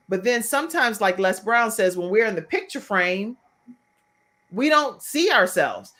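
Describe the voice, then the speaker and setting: Lively woman talk show host. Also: medium pitch. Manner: animated, acts out quoted voices. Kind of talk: casual interview chat.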